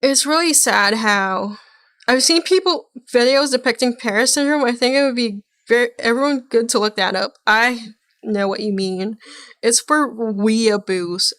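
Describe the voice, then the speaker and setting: A woman's voice: mid-range voice, fairly bright tone, no room sound, studio quality. A woman streaming a reaction to a video, chatting casually in a rambling, blunt way and swearing now and then.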